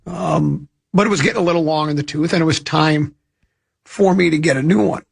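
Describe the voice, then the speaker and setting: Older male radio host, high-ish gravelly voice, rambling anecdotal chatter. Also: fairly quick. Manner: rambling, with many restarts and self-amused asides. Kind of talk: casual radio chat and storytelling.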